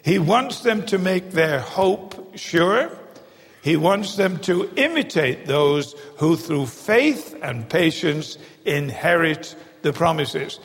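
A man's voice: on the high side, lively intonation, slow pace. A man preaching a sermon, emphatic, repeating key phrases for stress, recorded in a large church hall. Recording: long hall reverb.

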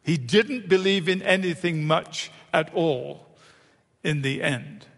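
Male preacher, high voice, pushes his points hard, long echo in a big hall. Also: slow pace, creaky, a bit bright. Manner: emphatic, repeats phrases for effect. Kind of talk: sermon.

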